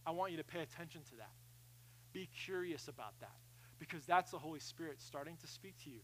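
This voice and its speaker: A man preaching a sermon, animated, swinging from loud emphasis to quiet asides, often repeating phrases. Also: on the high side, fast, a little hiss or hum, rough recording. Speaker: pastor.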